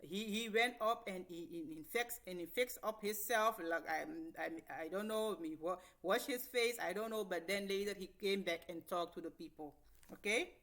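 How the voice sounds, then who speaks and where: Halting woman teaching scripture. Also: medium pitch, fairly bright tone. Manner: halting, with frequent restarts and repeated words; reads scripture aloud, then retells it in plain words. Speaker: bible teacher. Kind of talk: informal bible teaching.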